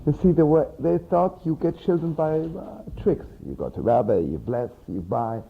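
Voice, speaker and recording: A man's voice: a little high, normal speed, creaky, slightly rough. A rabbi telling teaching stories in a chatty sermon style, peppering his lines with "you know" and laughing at his own tales. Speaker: rabbi and storyteller. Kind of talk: sermon storytelling. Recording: tinny phone-like archival recording.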